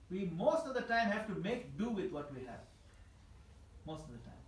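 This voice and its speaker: A man giving a scripture class in a temple hall, animated and emphatic, laughing at his own examples. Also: high voice, normal speed. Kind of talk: scripture class lecture answering questions. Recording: echoey hall with faint ambience.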